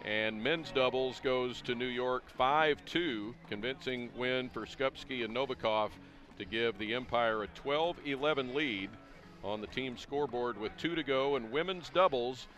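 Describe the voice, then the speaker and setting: A man's voice: mid-range voice, measured pace, fairly bright tone, faint music behind. A man doing live play-by-play commentary on a tennis broadcast in an upbeat, conversational way.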